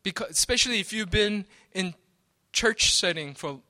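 A male pastor delivers a sermon in a fairly high voice with a bright, ringing edge. He talks conversationally rather than from a script, stumbling over and repeating words. He keeps punctuating his points with "right?". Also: expressive, normal speed. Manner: repeats "right?" often, restarts and stammers.

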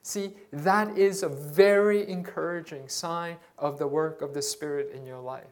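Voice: medium pitch, steady tone, a little slow. A pastor preaching a sermon, earnest and exhorting, often repeating words while searching for the next phrase.

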